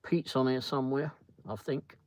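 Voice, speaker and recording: Chatty and rambling, a British livestream host works through a story, greets viewers by name, and reads out their comments. He speaks at medium pitch and normal speed, and the recording is rough.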